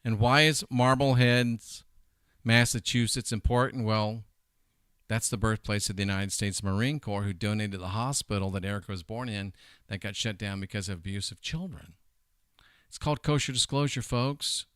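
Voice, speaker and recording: A middle-aged man gives casual commentary with an animated, emphatic delivery that keeps drifting into asides. His voice is bright and smooth, and it is recorded close and dry. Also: fairly low pitch, normal speed, dry recording. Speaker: host.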